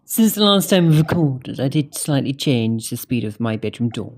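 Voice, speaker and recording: A woman's voice: rumbling low, expressive, moderate pace, darkish tone. A woman vlogging at home about her doors, theatrical and sweary, calling viewers darling. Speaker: vlogger demonstrating door closers. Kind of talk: casual vlog commentary. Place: indoors at home.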